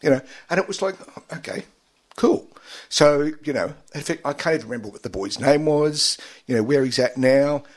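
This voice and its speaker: A man with an expressive, mid-range voice is a guest in a radio studio interview. He tells his story haltingly, with many fillers, becoming emotional at times.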